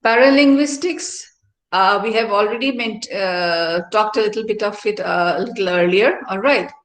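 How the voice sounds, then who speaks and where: A woman's voice: medium pitch, normal speed. A middle-aged woman, a professor giving a classroom lecture and often checking in with "all right?". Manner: explanatory, asks tag questions like "no?" and "all right?". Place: university activity centre hall. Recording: roomy hall echo.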